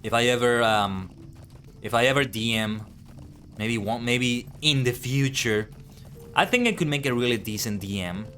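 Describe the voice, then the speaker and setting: Musing and rambling while he plays a game, this man chats casually on a live stream as a VTuber. He has a non-native English accent and a medium-pitched, fairly bright voice at a normal speed, thinking aloud as he goes.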